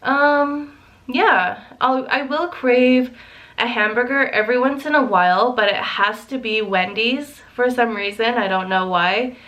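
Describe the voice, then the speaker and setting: A woman's voice: a little high, measured pace, fairly bright tone, muffled recording. A young woman chats casually and unhurriedly with her viewers, her words strung together with likes and ums. She breaks into small giggles often and sounds a little emotional at times. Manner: giggly, chatty, lots of fillers. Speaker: vlogger. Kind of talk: casual chat.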